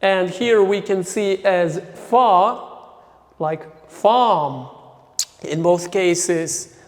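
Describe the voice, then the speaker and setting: A male English teacher talks at an unhurried, deliberate pace, walking through rules and reading example words aloud one by one. His voice sits fairly high for a man. The recording rings with a long hall reverb. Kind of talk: recorded lecture.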